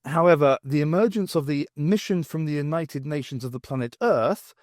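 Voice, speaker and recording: A man reading an unabridged novel aloud in a measured, expressive storytelling manner. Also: on the high side, no room sound, studio quality. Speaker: audiobook reader.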